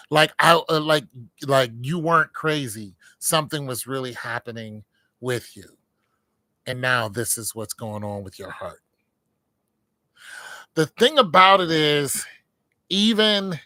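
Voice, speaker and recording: A man's voice: medium pitch, unhurried, pauses often, pushed and bright, no room sound. A middle-aged man, a military veteran, talking casually and candidly to his viewers, rambling with many fillers.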